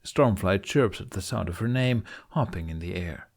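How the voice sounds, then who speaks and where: A man narrating a fan fiction audiobook with an expressive reading. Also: low-pitched, moderate pace, vocal fry.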